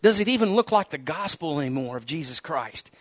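A middle-aged man from the United States preaching a sermon as pastor, in a conversational, animated storytelling way with frequent repeated words. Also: a little high, a little fast, no room sound.

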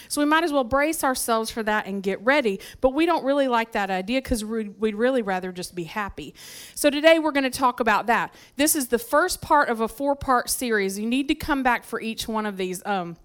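A woman delivers a sermon in a church, talking to the congregation like friends. Her voice is smooth and clear and sits a little high. She tells personal stories with lively asides. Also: a little fast. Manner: conversational, lively storytelling with frequent asides. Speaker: preacher. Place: church sanctuary.

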